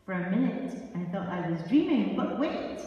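Slow poetry reading by a woman, half-sung bits, long reverb, sounds distant. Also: mid-range voice, big pitch swings, lo-fi sound. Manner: slow, measured delivery, some lines half sung. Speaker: poet. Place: large gallery hall. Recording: echoey hall, mic far off.

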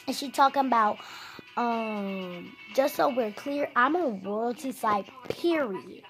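A woman vlogger casually retelling gossip in a chatty, slangy, rambling way. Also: on the high side.

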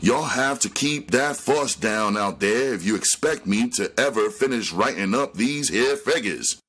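A man voicing a sharp, husky, sinister elderly woman in a read-aloud crime novel. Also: on the low side, animated, unhurried, pitched above the performer's own voice, full character voice. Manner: sharp, harsh. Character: harsh sinister elderly woman running a numbers route.

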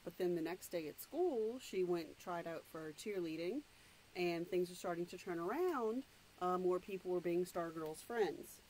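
A woman reads a novel aloud in a plain, unhurried way, pausing now and then to explain the story in her own words. Her voice is lowish and a little mellow, on a low-quality recording with slight background noise.

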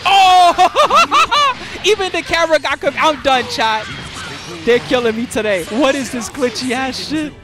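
A man's voice: very high voice, moderate pace. A man hosting a live fighting-game tournament stream, commentating the matches with slangy banter toward chat and frequent laughter. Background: game music.

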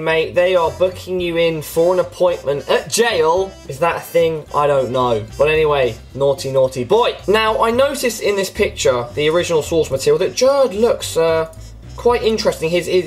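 A man's voice: on the high side, low-quality recording. A man giving playful, teasing commentary while editing photos for a comedy video. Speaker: YouTuber. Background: background music.

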